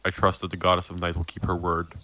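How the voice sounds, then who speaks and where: A man's voice: low-pitched, monotone, fast talker, bright, forceful tone, pitched below the performer's own voice. A man doing a stern, solemn captain.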